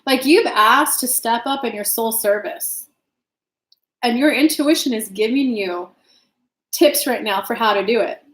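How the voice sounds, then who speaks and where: A woman's voice: fairly high pitch, measured pace, a bit bright. A young adult woman from the United States hosting a casual live-stream tarot reading, chatty and loose, now and then swearing. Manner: chatty, reads comments aloud, swears casually. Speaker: tarot reader and channel host. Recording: echoey room.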